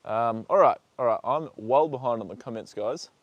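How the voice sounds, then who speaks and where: Australian male livestream host, mid-pitched, relaxed chatty banter, dry close sound, outdoor paddock. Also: normal speed, no room sound, lo-fi sound. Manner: chatty, reads out viewer comments, talks fondly to horses, swears casually. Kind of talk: casual livestream chat.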